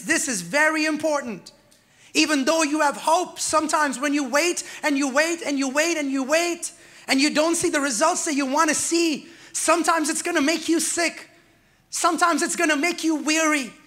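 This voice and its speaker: A male pastor preaching a sermon with emphasis, swelling louder and dropping quiet by turns and calling out to his congregation. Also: extremely high pitch, moderate pace. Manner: calls out to the congregation.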